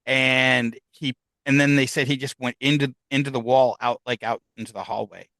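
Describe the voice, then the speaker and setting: Bright-voiced man rambling through a story. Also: medium pitch, steady tone, gravelly, no echo, rough recording. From Upstate New York. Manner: rambling, halting with fillers and restarts; acts out other people's lines as he tells the story. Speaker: podcast guest. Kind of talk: storytelling in a podcast interview.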